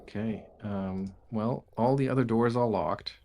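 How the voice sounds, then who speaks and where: A man narrating a tabletop game as game master, in halting, descriptive narration. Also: lowish voice, warm tone, a little hiss or hum.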